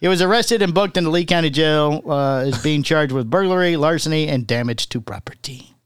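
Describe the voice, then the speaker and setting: A man's voice: on the high side, brisk, clear, resonant tone, no echo, studio quality. A man co-hosting a podcast, reading odd news stories aloud in a casual, teasing way and laughing often.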